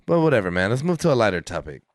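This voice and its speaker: A man's voice: lowish voice, sing-song, very fast, no room sound, clean studio sound. A man co-hosting a podcast in casual chat, telling long rambling stories with plenty of swearing and acted-out quotes. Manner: profane, rambling storyteller who acts out quotes. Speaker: podcast co-host.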